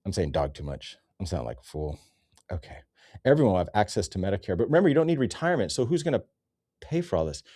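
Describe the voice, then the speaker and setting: A man's voice: sits low, big pitch swings, fast talker, dark tone, dry recording, clean studio sound. A man ranting in a sarcastic, rambling comedy commentary, cursing often.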